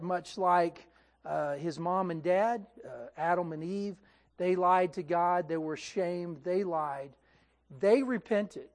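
Animated pastor preaching in a conversational way. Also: male voice, high voice. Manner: animated, conversational preaching with frequent "right?" checks and restarts. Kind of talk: sermon.

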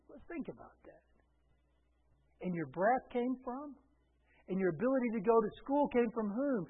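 A middle-aged man preaching a sermon as a pastor, swinging between hushed and loud and repeating his phrases. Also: very high voice, animated, moderate pace, pauses often. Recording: phone-like radio broadcast.

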